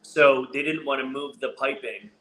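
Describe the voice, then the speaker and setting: A man's voice: medium pitch, fairly even intonation, normal speed, fairly bright tone, slight background noise. A man hosting a casual podcast, laughing a lot and swearing as he chats. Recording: echoey room.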